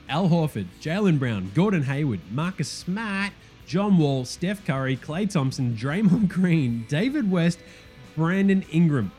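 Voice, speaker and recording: A man's voice: fairly high pitch, a little mellow. A man with an Australian accent hosting a comedic sports podcast, ranting in a blunt, profane and sarcastic way. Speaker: host.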